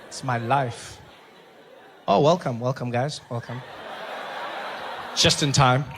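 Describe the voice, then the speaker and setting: A man with a South African accent doing animated stand-up comedy and chatty crowd work in front of a live audience. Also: medium pitch, slow pace, background noise. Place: stage before a live audience.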